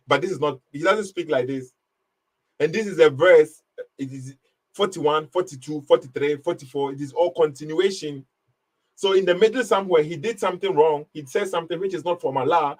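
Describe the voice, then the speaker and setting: Guy hosting a live stream debate, kinda high voice, emphatic and mocking. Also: fairly quick. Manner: mocking, emphatic, laughs at the caller. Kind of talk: casual live debate commentary.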